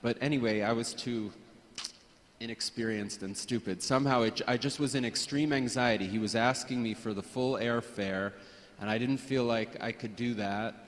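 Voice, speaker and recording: A man sharing personal memories at a memorial gathering, hesitant, with frequent restarts and soft laughs. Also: mid-range voice, fairly even intonation, normal speed, big-room sound. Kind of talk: personal reminiscence.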